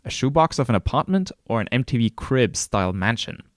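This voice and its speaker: A man's voice: medium pitch, expressive, fairly quick, dry recording, natural voice. A man voicing a coy male real estate worker answering with teasing counter-questions, in a close, dry recording.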